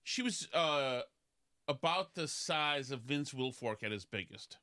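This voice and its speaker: A man, hosting a casual podcast and telling rambling stories in which he mimics other people in high voices. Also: animated, unhurried, pushed and bright. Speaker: podcast host. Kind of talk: casual talk show banter.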